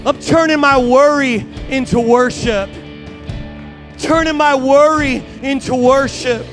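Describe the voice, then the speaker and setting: A man preaching a sermon as pastor, building to shouted, rising emphasis. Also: very high-pitched, takes it slowly, soft background music.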